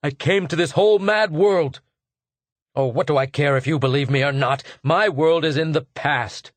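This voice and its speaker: Audiobook figure: a defiant tailor lost in time, bitter and raised up high and loud, as a male narrator puts him on. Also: a little slow, no room sound, natural voice. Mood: furious.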